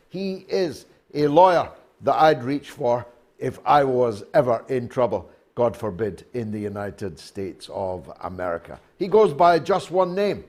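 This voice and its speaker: A man hosting a talk show, speaking in a slow, deliberate and wry way with many filler pauses. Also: fairly high pitch, creaky, darkish tone. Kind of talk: talk show monologue and interview.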